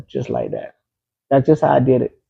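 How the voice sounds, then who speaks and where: A man's voice: mid-range voice, huge pitch swings, moderate pace, gravelly, slightly rough, highs cut off. A man being interviewed, telling a personal story in a casual, emphatic way, often repeating key phrases. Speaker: interview guest.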